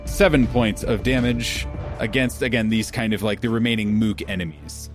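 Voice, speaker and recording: A man's voice: fairly low pitch, steady tone, moderate pace, soft background music. A man playing a tabletop fantasy game, describing his character's moves in a joking, rambling way. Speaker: player.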